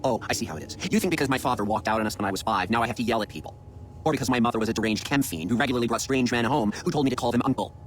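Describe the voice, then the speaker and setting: A man's voice: mid-range voice, racing, a little hiss or hum, lightly acted. A man voicing a cursing tyrant chef. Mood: self-pitying. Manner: ranting, profane, self-pitying. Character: abusive foul-mouthed male head chef. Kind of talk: video game voice acting.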